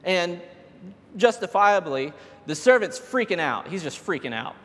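High-voiced man preaching in a reverberant hall. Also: very animated, measured pace, fairly bright tone. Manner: casual storytelling, building to emphatic peaks. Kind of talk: sermon.

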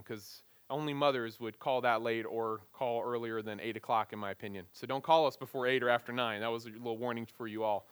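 A middle-aged man preaching as a pastor, moving from prayer into an animated, self-deprecating personal story. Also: mid-range voice, smooth, no room sound.

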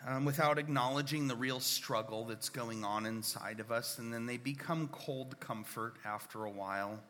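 A man preaching a sermon as a pastor, unhurried and earnest, sometimes sinking to a near whisper. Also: mid-range voice, fairly bright tone, in a large hall, slight background noise. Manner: unhurried, earnest, drops to a near whisper when reading scripture.

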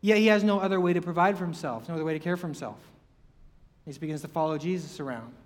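Man, preacher, sermon, rhetorical questions, high voice, long hall reverb. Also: very fast. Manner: conversational, rhetorical questions, acts out quotes.

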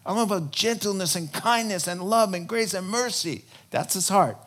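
A man preaching a sermon in an animated, conversational way, breaking into sudden loud emphasis. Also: high voice, moderate pace. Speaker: pastor.

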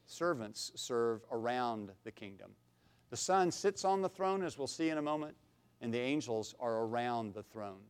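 A middle-aged man preaching an expository sermon, folksy and self-deprecating, swinging from quiet asides to loud, emphatic bursts. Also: mid-range voice, animated, moderate pace, smooth. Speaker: pastor.

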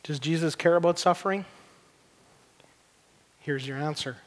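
A middle-aged pastor preaches in a church hall, his fairly high voice moving at a moderate pace. He's earnest and conversational, repeating words as he searches for them. The recording carries the long reverb of the hall.

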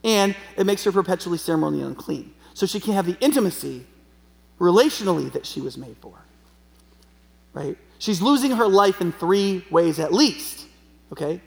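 A man's voice: high voice, lively intonation, moderate pace, creaky. A man preaching a sermon in a conversational way, often checking in with the audience. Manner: conversational, frequent tag questions. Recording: long hall reverb.

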